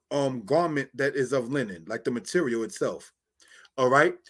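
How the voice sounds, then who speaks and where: A man teaching Bible Hebrew in a slow, repetitive way, often asking "all right?" and calling listeners brothers and sisters. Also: on the high side, a bit bright, husky. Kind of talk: screen-share Hebrew lesson.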